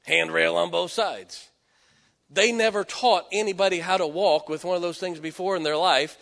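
A man preaching a sermon, telling stories and swelling from hushed tones to loud exhortation. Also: sits high, fairly even intonation, moderate pace, gravelly. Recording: echoey hall with long reverb.

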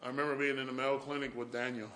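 A man's voice: mid-range voice, level tone, racing, pushed and bright, slight background noise. A man preaching a sermon, telling folksy stories and often saying "boy".

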